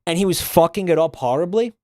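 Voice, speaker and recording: Male streamer, lively swooping voice, laughs a lot, close dry mic. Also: fairly high pitch, quick pace, dry recording. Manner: animated, laughs often, swears freely. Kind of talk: casual chat reacting to a game.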